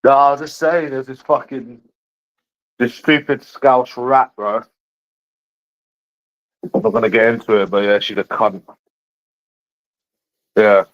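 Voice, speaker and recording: Profane rambling man, low voice. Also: muffled recording. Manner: profane, rambling, addresses viewers as bro and mate. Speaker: livestreamer. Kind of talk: casual livestream chat.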